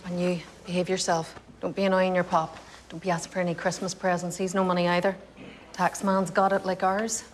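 Mum played by an actress, brisk and scolding, lowish voice. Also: female voice, level tone, slight background noise, close to an everyday voice. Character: brisk, scolding Belfast mother. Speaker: mother.

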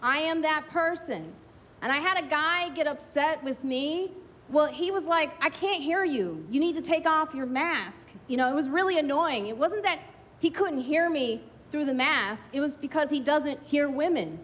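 A woman's voice: high-pitched, expressive, normal speed, fairly bright tone. A middle-aged woman doing a brash, confiding, self-mocking stand-up set at an outdoor drive-in show. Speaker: stand-up comedian. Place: outdoor drive-in stage, parking lot.

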